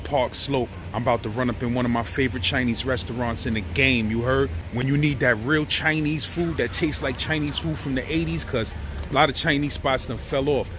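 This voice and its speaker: A man's voice: mid-range voice, steady tone, fairly quick, over music. A middle-aged man with a New York accent, talking in a loose, slangy way as he vlogs about food on a city street. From Brooklyn, New York. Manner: streetwise slang, tags every line with "you heard?". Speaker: food vlogger. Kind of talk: casual food vlog.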